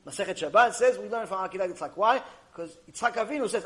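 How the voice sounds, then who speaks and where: A man, a rabbi, teaching a Torah lecture, retelling the story dramatically with sudden loud and soft swings and Hebrew religious terms. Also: sits high, quick pace, hardly any pauses.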